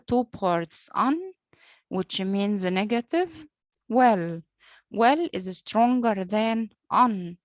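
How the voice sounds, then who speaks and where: Woman teacher, Arabic first language, very slow lecture with many pauses and fillers, dry sound. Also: medium pitch, no room sound. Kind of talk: lecture on poetic meter.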